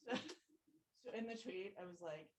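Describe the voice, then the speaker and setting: A woman at a live poetry reading in a bookstore, declaiming some lines loudly and fiercely, reading others softly and laughing between lines. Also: on the low side, normal speed, slight background noise. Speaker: poet reading her work.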